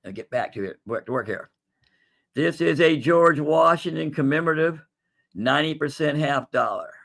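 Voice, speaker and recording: A man's voice: fairly high pitch, moderate pace, creaky, fairly bright tone. A man hosting a casual livestream sale of coins and jewelry, chatty and folksy, calling viewers "folks.". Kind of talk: casual live sales stream.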